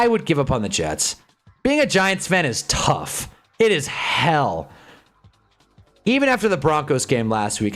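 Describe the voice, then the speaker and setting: A man hosting a live stream, chatting casually and sarcastically in a rambling, animated way, reading chat and reacting as he goes. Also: a little high. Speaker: livestream host.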